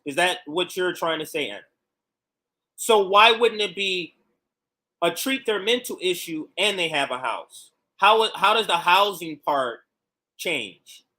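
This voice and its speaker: A political commentary host with a high, bright voice reacts to clips on a livestream, arguing his point. He is argumentative and fires off pointed rhetorical questions.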